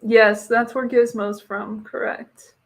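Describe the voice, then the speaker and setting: A woman's voice: fairly high pitch, flat delivery, slow pace, gravelly. A woman in her thirties co-hosting a casual talk show. She rambles from one memory to the next, laughs often and swears freely as she talks. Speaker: co-host. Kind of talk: casual chat.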